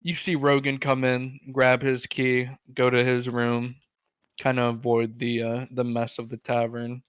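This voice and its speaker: A man's voice: mid-range voice, completely flat delivery, a little slow, a bit bright, clear, resonant tone, no room sound, lo-fi sound. A man narrating a tabletop game as game master, easygoing and full of fillers.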